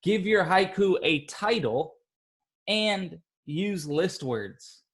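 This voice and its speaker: A male elementary school teacher leading a class of young children, upbeat and encouraging, sounding out syllables slowly. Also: high-pitched, expressive, a bit bright.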